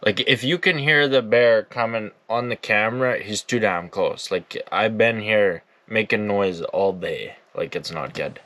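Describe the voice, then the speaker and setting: A man's voice: fairly low pitch, unhurried, few pauses, fairly bright tone. Laid-back outdoorsman, rambling and casual. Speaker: outdoors YouTuber. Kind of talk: casual reaction commentary.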